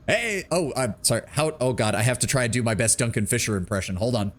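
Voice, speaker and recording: A fast talker with few pauses, this man has a mid-range voice as he streams a video game. His commentary is casual, with some cursing and plenty of enthusiasm for mechs.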